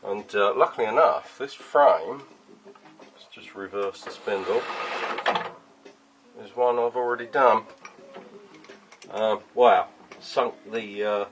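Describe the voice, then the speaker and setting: A man's voice: lowish voice, takes it slowly, long pauses, slight background noise. Rambling man in a workshop. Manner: rambling, goes off on tangents, swears casually. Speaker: workshop owner making custom paintball guns. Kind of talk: casual workshop vlog. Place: workshop with a milling machine.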